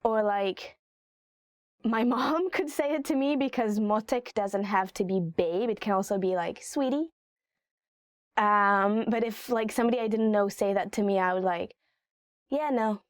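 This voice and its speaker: A young woman teaching a casual language lesson, chatty and giggly, full of fillers, reading example lines slowly and carefully. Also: mid-range voice, no echo, studio quality. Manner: giggly, chatty, filler-heavy, slow careful English renderings.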